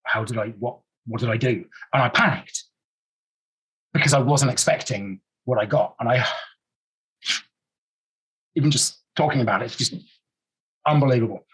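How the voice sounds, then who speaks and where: Very husky man, earnest guest. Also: medium pitch, a bit bright, rough recording. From England. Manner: earnest and emotional, halting with many repeats. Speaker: podcast guest, actor. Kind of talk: casual interview talk.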